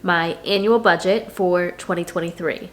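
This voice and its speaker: This is a woman with a cold, so her voice comes out congested and stuffy. She speaks a bit low and talks casually to her viewers, restarting sentences as she works through her thoughts. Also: steady tone, normal speed, background noise. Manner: thinking aloud with restarts. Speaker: personal finance YouTuber. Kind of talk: casual talk to camera.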